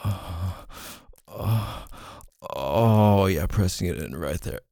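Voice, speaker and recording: Deep gravelly man, hushed intimate role-play. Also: expressive, slow pace, no echo, clean studio sound. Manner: murmured, often whispered, with frequent moans and groans. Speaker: audio role-play performer.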